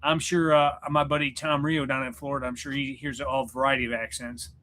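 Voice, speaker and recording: Rambling, bright-voiced man in his forties. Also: medium pitch, flat delivery, a little fast, a little hiss or hum. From Missouri, USA. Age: 40s. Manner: rambling, self-deprecating, joking. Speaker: livestream host chatting with viewers. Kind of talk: casual livestream chat. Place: room at home, in front of a mirror.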